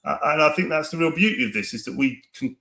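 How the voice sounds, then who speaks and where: Middle-aged british guy, earnest, bright sharp voice, roomy echo. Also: on the high side, animated, fast talker, creaky. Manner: earnest, repeats words at the starts of phrases. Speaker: guest filmmaker. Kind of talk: casual interview chat. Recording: echoey room.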